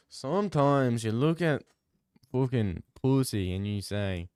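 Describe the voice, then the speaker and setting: A young man hosts a livestream and chats with his viewers in a crude, joking, rambling way. His voice is smooth and clear at an ordinary pitch. The sound is dry and close. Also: measured pace, a little mellow, dry recording. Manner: rambling, crude, jokey, slips into silly voices. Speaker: livestream host answering chat. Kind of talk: crude casual livestream chat.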